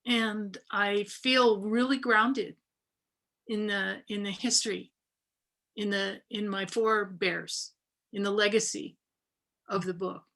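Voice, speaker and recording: A woman's voice: medium pitch, steady tone, slow, long pauses, a bit bright. A woman, a book artist, talking reflectively in a panel over a video call, with many fillers and restarts. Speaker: book artist giving a talk.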